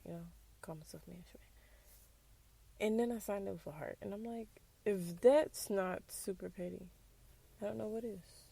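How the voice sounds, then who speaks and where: Young woman hosting a casual solo podcast, sassy and candid, with a touch of fry in the voice. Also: medium pitch, warm tone, no room sound. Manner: candid, sassy, drops into whispers for asides. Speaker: podcast host. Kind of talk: casual personal monologue.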